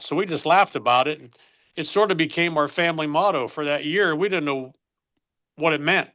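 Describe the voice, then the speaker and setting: A man's voice: a little high, brisk, fairly bright tone. An older man, a former baseball coach, earnestly telling an emotional personal story in an interview, often stopping to correct himself.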